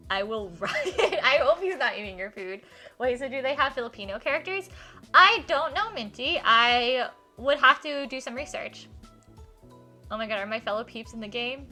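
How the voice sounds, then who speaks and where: A woman from the southern United States streaming a visual novel. She chats with her viewers, giggles and mocks herself, and reads the narration aloud in a softer, lower voice. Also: expressive, moderate pace. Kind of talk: live-stream chat while reading a visual novel aloud. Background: faint game music.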